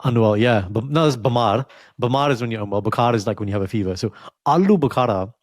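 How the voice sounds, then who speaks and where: A man with a mid-range voice talks fast in a clean recording with no room sound. He co-hosts a podcast, chatting casually and playfully teaching words through jokes.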